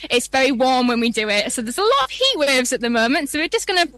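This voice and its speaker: A woman's voice: sits high, big pitch swings, fast talker, a bit bright, dry recording. A woman with a Yorkshire accent, a museum guest explaining things in a chatty live radio interview outdoors. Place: outdoor event.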